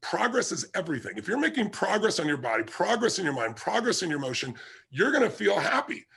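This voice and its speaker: A man giving a motivational talk, telling personal stories in an emphatic, animated way. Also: high voice, fast talker, gravelly, husky. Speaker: motivational speaker.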